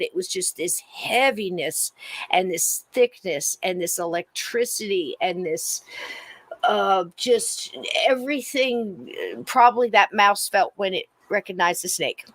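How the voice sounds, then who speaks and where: A middle-aged woman spins a personal story in relaxed podcast chat, her voice sitting at an ordinary middle pitch. She acts out quoted lines by leaping high and loud. The sound is close and dry, with no room around it. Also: measured pace, dry recording. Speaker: podcast co-host.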